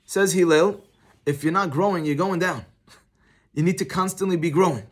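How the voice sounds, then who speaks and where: A middle-aged rabbi with a fairly high voice gives a casual Torah class, moving easily between the text and his own anecdotes. He talks in an animated, conversational way, like he's chatting with the room. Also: normal speed.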